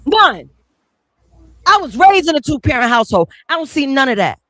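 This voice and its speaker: A woman's voice: high-pitched, sing-song, fast, a bit bright, no room sound. Blunt, combative woman on a dry mic. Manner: blunt, combative, profane, repeats her point. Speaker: panelist. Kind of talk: heated panel debate.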